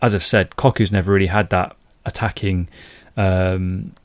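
Deep-voiced man giving football punditry. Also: steady tone, moderate pace, dry recording. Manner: conversational, with frequent fillers and restarts. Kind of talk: casual football podcast chat.

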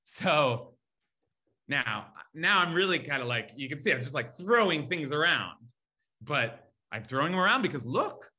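An animated Torah teacher gives a biblical lecture in a slightly high voice at a moderate pace. He speaks emphatically, repeating key words and reading Hebrew terms aloud, thinking aloud with fillers and self-corrections.

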